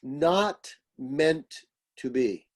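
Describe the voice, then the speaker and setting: Older man, astrologer, interview storyteller, animated, quotes people in their own voices. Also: a little high, very slow. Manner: animated anecdotes, acting out quoted voices, laughing. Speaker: astrologer and author.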